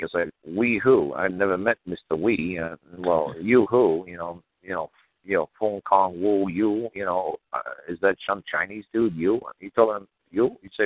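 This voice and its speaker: A low-voiced man talks a little fast as a podcast guest, laughing often while telling rowdy, profane stories in a casual way. The recording is dry and tinny, like a phone line.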